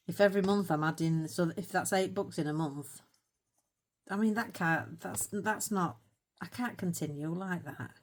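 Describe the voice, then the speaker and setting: A middle-aged British woman with a fairly low voice chats casually at a normal speed while colouring for her channel. She rambles and pokes fun at herself, with little laughs between thoughts.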